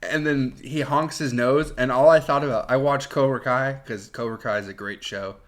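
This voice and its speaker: A man's voice: medium pitch, steady tone, moderate pace. A man in an easygoing podcast chat with an ordinary mid-range voice. He retells movie scenes with animation and laughs easily, talking candidly and a little crudely. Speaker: podcast co-host. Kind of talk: casual movie review chat.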